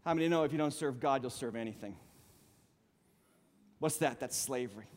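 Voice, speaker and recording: A middle-aged male pastor preaching a sermon in an animated, joking way, with sarcastic asides. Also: medium pitch, a little fast, long reverb tail. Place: church sanctuary.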